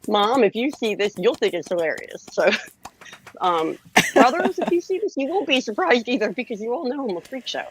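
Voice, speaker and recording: A woman's voice: a little high, sing-song, normal speed, slight background noise, rough recording. A woman with a lisp, co-hosting a casual late-night livestream chat, giggling and scattered as she talks. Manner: giggly, scattered, laughing often. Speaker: livestream co-host.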